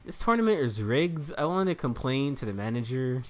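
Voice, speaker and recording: A young man with a medium-pitched, very animated voice delivers casual let's-play commentary at normal speed. He rambles, jokes, and laughs at himself while faint game music plays behind him.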